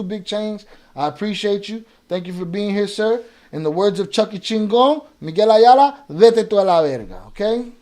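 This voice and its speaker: A man's voice: high-pitched, a little mellow. A man hosting a live reaction stream, talking in a profane, confrontational way with heavy street slang and reading viewer chat aloud. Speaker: livestream reaction host. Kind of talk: casual livestream chat.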